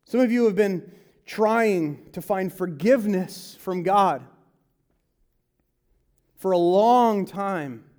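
A man preaching a sermon, swinging from loud to hushed, slipping into quick mimicry of salesmen and advisers. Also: sits high. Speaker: pastor.

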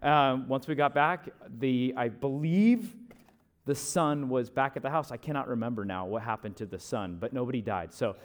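A young man, a pastor, telling a chatty, animated story from the pulpit, with asides to the listeners. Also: medium pitch, moderate pace. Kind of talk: storytelling sermon.

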